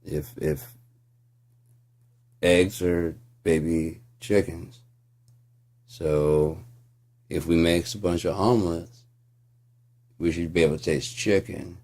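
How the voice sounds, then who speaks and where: A man's voice: deep voice, steady tone, takes it slowly, pauses often, darkish tone. A man ranting in a casual, profane, sarcastic monologue as a channel host.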